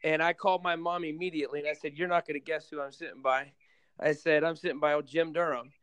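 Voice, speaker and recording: A man's voice: on the high side, fairly even intonation, quick pace, fairly bright tone, smooth, dry recording. A man, a basketball coach, telling stories in a casual podcast interview, rambling with many fillers and restarts.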